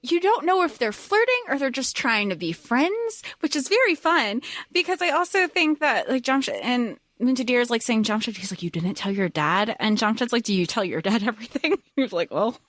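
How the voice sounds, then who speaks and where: A woman co-hosting a podcast, chatting casually and excitedly about a book and acting out characters' lines. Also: dry recording, studio quality. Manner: excitable, quick pitch jumps when quoting characters. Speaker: podcast co-host.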